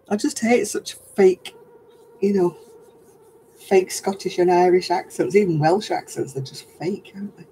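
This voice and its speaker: A man's voice: sits high, measured pace, mellow, a little hiss or hum, low-quality recording. An older man hosting a casual livestream chat, talking in a rambling, chatty way and laughing often. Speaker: host.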